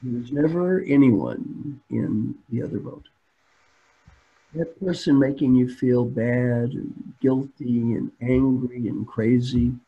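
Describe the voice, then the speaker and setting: A man's voice: mid-range voice, slightly rough. An older man speaking as a coach in a webinar, telling stories in a plain, repetitive way. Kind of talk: webinar talk. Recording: dull webinar audio.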